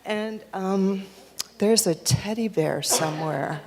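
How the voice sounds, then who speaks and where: A woman tells a children's story during a church service, animated and chatty as she directs children holding up props. Her voice sits at a middle pitch and rings in a large hall with a long echo. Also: takes it slowly, creaky, a crowd in the background. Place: church sanctuary.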